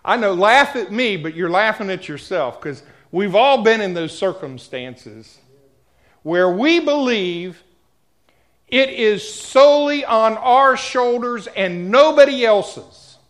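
Slow preacher telling a story. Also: male voice, sits high, animated. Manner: storytelling, swings from hushed to loud; addresses the congregation directly. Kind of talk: sermon.

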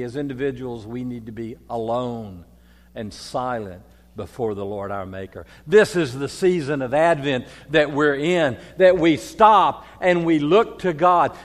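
An older man, preaching a folksy sermon as priest, moving from quiet reflection to loud storytelling. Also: fairly high pitch. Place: church. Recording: long reverb of a church hall.

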